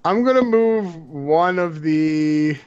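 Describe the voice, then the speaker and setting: A man's voice: fairly high pitch, animated, takes it slowly, a little mellow, smooth. A man playing a tabletop game, stating his actions in short, matter-of-fact lines. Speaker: player. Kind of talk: casual tabletop play. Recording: dull lo-fi sound.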